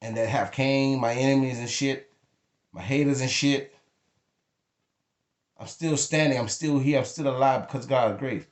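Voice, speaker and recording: Man vlogger, mid pitch, frustrated rant to camera, heavy swearing, echoey room. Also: moderate pace, long pauses. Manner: blunt, emphatic, cursing freely. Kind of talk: emotional venting monologue.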